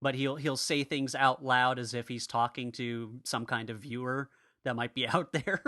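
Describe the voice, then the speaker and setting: Bright-voiced man chatting on a podcast. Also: medium pitch, fairly even intonation, moderate pace, no echo, clean studio sound. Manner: rambling, restarts often, laughs while talking. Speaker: podcast co-host. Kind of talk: casual podcast discussion.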